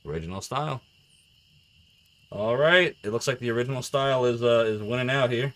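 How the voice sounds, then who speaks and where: Man, streamer, casual game chat, excitable, bright voice. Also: medium pitch, fairly quick. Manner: chatty and excitable, laughs often, gets flustered. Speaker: live streamer.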